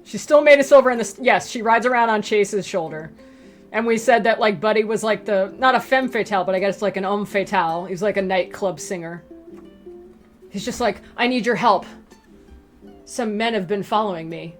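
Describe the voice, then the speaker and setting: A woman's voice: medium pitch, brisk, faint music behind. A woman casually chatting through reader questions about her comic, rambling with lots of fillers and asides. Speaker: webcomic creator answering reader questions. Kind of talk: casual Q and A chat.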